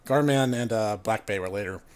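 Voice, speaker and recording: A man casually recounting tabletop game stories to a co-host, animated and laughing along the way. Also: on the low side, brisk, clean tone. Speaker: podcast co-host, former tabletop player. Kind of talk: casual storytelling chat.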